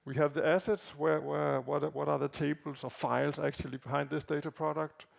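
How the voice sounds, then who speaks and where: Gravelly man giving a conference talk. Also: on the high side, fairly even intonation. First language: Danish. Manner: halting, with frequent fillers and repeated words. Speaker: conference presenter. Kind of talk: conference talk walking through slides. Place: conference hall.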